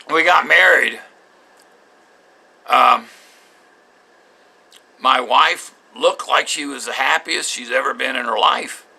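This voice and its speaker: An older man recounting his marriage in a bitter, halting spoken journal, with frequent restarts. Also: medium pitch, vocal fry, bright, forceful tone.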